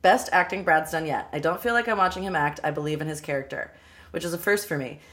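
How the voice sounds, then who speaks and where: A young woman chatting casually about a film, animated and quick to laugh. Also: low-pitched. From Los Angeles area, US. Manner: animated, laughs often, quotes people in voices. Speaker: podcast co-host.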